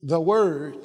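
A man's voice: on the high side, slightly rough. A man preaching a sermon, repeating phrases and laughing as he drives points home. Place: church. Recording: long reverb of a church hall.

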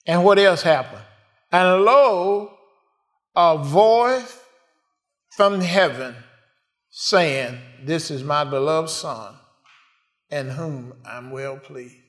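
A man's voice: on the high side, takes it slowly, a bit bright. A man preaching a sermon in a call-and-response way, asking the congregation questions and answering them.

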